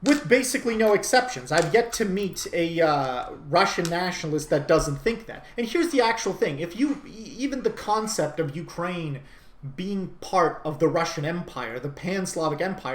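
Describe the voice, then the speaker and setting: A man speaks with insistent, argumentative emphasis, restarting and circling back on his phrases. His voice sits a little high for a man, and it rings out in a noticeably echoey room. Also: animated, normal speed. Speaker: commentator. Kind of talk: unscripted monologue.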